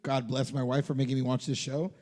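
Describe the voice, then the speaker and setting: A man co-hosting a podcast, telling an embarrassing story in casual, animated chat, swearing freely and breaking into laughter. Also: mid-range voice, fast, long reverb tail. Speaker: podcast co-host. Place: podcast studio.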